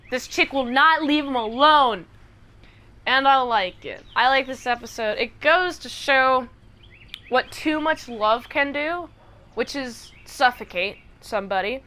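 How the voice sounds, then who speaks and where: A young woman casually recapping a TV episode and acting out the characters as she tells it. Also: high-pitched. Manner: animated storytelling that acts out the characters. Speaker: reviewer.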